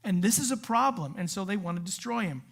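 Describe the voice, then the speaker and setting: Brief: woman pastor, conversational sermon delivery with lively asides, at a middle pitch. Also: fast talker, vocal fry, slightly rough. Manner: casual, animated preaching with asides. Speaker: youth pastor.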